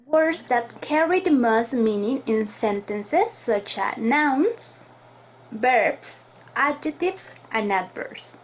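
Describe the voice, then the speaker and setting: Female student presenter, fairly high voice, very slow and careful delivery, faint noise behind. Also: lively intonation, poor audio. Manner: careful, explanatory reading. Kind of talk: recorded class presentation.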